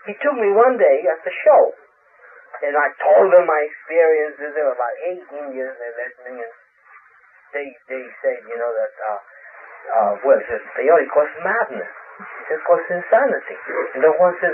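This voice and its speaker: A man answering interview questions, telling stories in a halting way and searching for words, heard on a tinny, hissy old radio recording. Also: fairly high pitch. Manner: animated storyteller. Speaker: interview guest.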